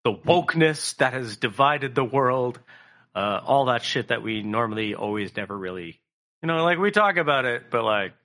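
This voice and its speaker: A man's voice: medium pitch, lively intonation, moderate pace, pushed and bright. A man co-hosting a casual podcast, rambling and swearing with lots of fillers. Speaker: podcast co-host.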